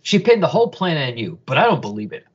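A man's voice: a little high, very animated, quick pace, husky, lo-fi sound. A man voicing a cold, sardonic male scientist who speaks with cutting disdain. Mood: scornful.

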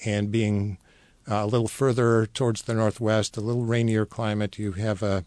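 A man guest on a radio show explaining wines in a knowledgeable, measured way with many fillers. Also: lowish voice, level tone, darkish tone, dry recording. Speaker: wine importer guest. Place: radio studio.

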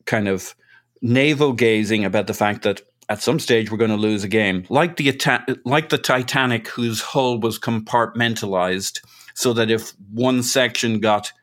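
A man's voice: on the low side, normal speed, fairly bright tone. A man co-hosting a casual football podcast, talking in long rambling turns, joking at himself and swearing now and then. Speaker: podcast co-host.

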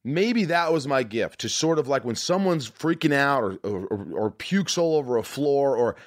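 A man's voice: medium pitch, animated, normal speed, no echo, studio quality. A man hosting a podcast, talking frankly and emotionally in a rambling, profane way. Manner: rambling with many restarts and fillers. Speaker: podcast host. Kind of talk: casual candid chat.

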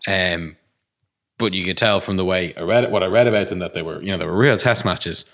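Hesitant low-voiced man. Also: brisk, fairly bright tone. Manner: hesitant, full of "like" and restarts. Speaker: podcast co-host. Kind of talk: casual sports chat.

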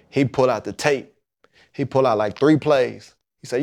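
A man tells his story in a relaxed, colloquial way on a podcast. He talks in an animated manner and slips into the voices of the people in his tale. His voice sits at a middle pitch. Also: moderate pace, vocal fry. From Mississippi, USA. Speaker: guest, football player.

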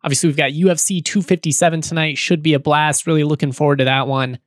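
A man hosting a sports podcast, talking in a relaxed, chatty way with fillers and small chuckles. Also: a little high, fast talker, dry recording, studio quality. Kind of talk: casual podcast talk and read ad.

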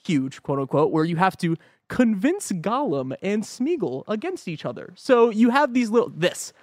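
A young man talks in a bright, high voice that swoops all over the place. He co-hosts a casual gaming chat show, swearing often and breaking into laughter. The sound is dry and close. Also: moderate pace, no echo. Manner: animated, swears often, laughs a lot, acts out game voices. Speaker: podcast co-host reviewing a game.

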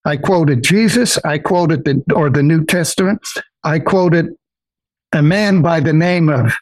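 A man's voice: fairly high pitch, measured pace, no echo, poor audio. An older man, a guest on an interview podcast, talking earnestly and full of quoted wisdom. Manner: earnest, wise-sounding, fond of quoting sayings. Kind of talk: casual interview conversation.

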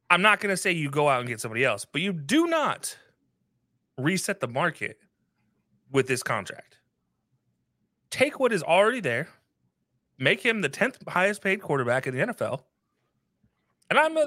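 A man's voice: on the high side, sharp tone, dry recording, clean studio sound. A man co-hosting a sports podcast, giving emphatic and opinionated takes in casual talk.

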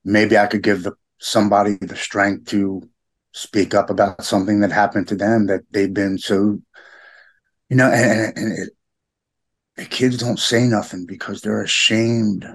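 A middle-aged man with a halting, heartfelt way of talking, often repeating words as he opens up in a personal conversation. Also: fairly low pitch, little pitch movement, husky. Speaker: podcast guest.

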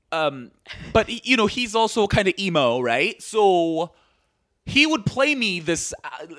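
A man's voice: high voice, fairly bright tone. A man guesting on a podcast, talking in an emphatic, heated way in casual chat.

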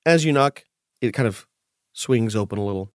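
A man narrating a tabletop game as game master, with a steady, descriptive delivery. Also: on the low side, normal speed, dry recording, studio quality.

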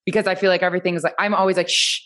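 Woman podcast host, lower voice, easygoing and conversational. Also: flat delivery, rapid-fire.

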